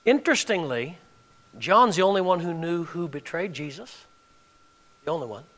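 High, bright-voiced preaching pastor. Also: male voice, expressive, moderate pace. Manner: preaching with rising emphasis and direct questions to the congregation. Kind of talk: sermon.

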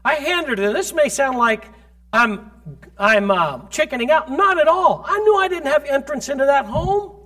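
A pastor preaching a sermon in a notably high male voice. He tells stories from his ministry with emphatic delivery, pressing his points hard and swelling to loud peaks. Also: expressive, moderate pace. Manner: storytelling, recounting ministry experiences.

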